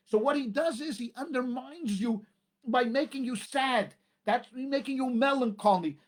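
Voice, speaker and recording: A man, a rabbi, preaching a sermon with emphatic repetition and dramatic pauses. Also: very high-pitched.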